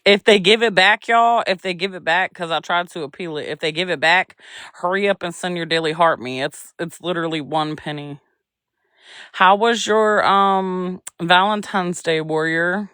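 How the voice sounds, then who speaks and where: A woman's voice: fairly low pitch, moderate pace, a bit bright, clean tone, dry recording, studio quality. A young woman hosting a casual livestream, chatting with viewers in a drawling, chatty way and humming to herself between remarks. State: pregnant. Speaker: livestream host.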